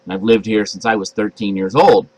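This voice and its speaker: An older man, a pastor, preaching a sermon in a chatty, animated way and acting out voices. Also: fairly low pitch, brisk, slightly rough, low-quality recording. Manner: conversational, animated, acts out voices.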